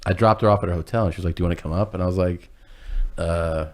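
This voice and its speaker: A man's voice: low voice, fairly even intonation, racing. A man telling a rambling, self-deprecating story in casual chat, acting out what people said and laughing as he goes.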